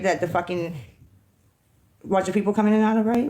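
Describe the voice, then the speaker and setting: A woman's voice: mid-range voice, brisk, mellow, slight background noise, low-quality recording. A woman livestreaming on her phone, ranting in an agitated, profane way and rambling between topics. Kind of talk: rambling live-stream talk.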